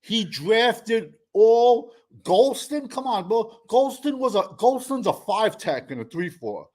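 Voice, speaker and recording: A man's voice: high-pitched, very animated, slow pace, a little mellow. A man arguing football in a heated sports debate, sarcastic and insistent, repeating his questions. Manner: sarcastic, argumentative, repeats himself.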